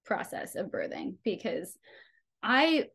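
A young adult woman, a podcast guest, telling a personal birth story with animated delivery, often laughing and acting out dialogue. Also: medium pitch, slow pace, vocal fry, breathy edge.

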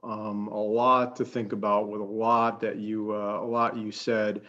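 A man's voice: fairly low pitch, level tone, measured pace, sharp tone. Hesitant male host, slightly dull sound. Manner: hesitant, with fillers. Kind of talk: closing remarks.

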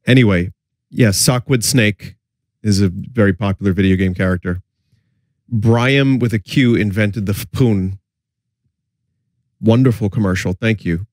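A man's voice: lowish voice, a little slow, pauses often, darkish tone, dry recording, clean studio sound. A man from the New York area chatting casually as a streamer, mocking old commercials with wry, joking remarks. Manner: wry, mocking, laughs often. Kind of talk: casual chat with jokes.

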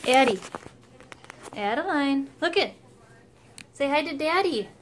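A woman filming her babies at home on a handheld phone, talking in a gentle, coaxing, sing-song baby voice. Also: high voice, lively intonation, takes it slowly, a little hiss or hum. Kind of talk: home video baby talk. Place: family home.

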